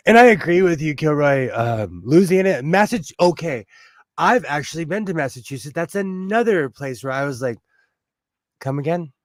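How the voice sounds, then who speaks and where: Laughing, joking man with a higher voice. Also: very animated, a little slow, long pauses, no echo. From Southern California. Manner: jokey, laughs often, trails off and restarts. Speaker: livestream co-host. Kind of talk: casual chat.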